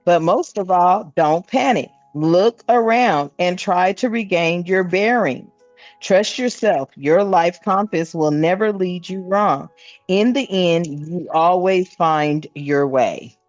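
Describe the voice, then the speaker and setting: A woman's voice: fairly low pitch, takes it slowly, no echo, highs cut off, soft background music. A woman giving a casual spiritual card reading, laughing often and calling her viewers family. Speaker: spiritual reader.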